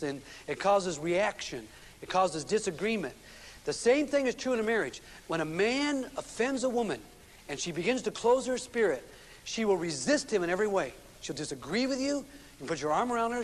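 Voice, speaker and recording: A man giving a seminar talk on relationships to a live audience, telling stories and acting out the dialogue in them. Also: high voice. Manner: storytelling, acts out quoted dialogue. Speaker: relationship speaker. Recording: long reverb from a hall, faint noise.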